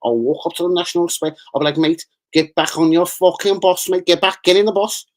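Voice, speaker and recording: A man's voice: high-pitched, steady tone, quick pace, voice pushed up, close to an everyday voice. A man voicing a hot-tempered Liverpool hard man in a put-on Scouse accent, who swears and makes threats. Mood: menacing. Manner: threatening, ranting, heavy swearing.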